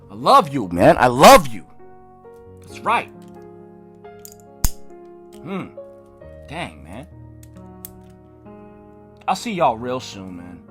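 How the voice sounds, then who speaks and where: Fiery man reading scripture aloud. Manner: swings from low dramatic reading to shouted zeal; peppers speech with "man". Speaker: Bible reader and preacher.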